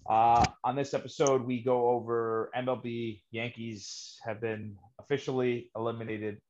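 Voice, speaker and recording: A man's voice: mid-range voice, flat delivery, normal speed, highs cut off, noisy background. A man hosting a casual sports podcast, rambling and filling gaps with "uh". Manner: rambling, many fillers. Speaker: podcast host.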